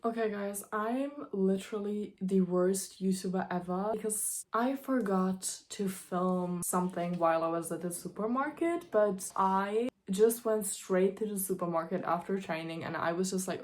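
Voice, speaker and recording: A woman's voice: medium pitch, moderate pace, a little mellow. Chatty young German woman vlogger. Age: young adult. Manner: chatty, rambling, informal. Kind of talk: casual vlog chat.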